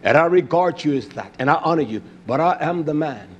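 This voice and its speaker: Guy preaching hard, kinda high voice, goes from mumbly to yelling, bit of hiss. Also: animated, fairly quick, muffled recording. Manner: fiery, swings from low mutters to shouting. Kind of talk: sermon.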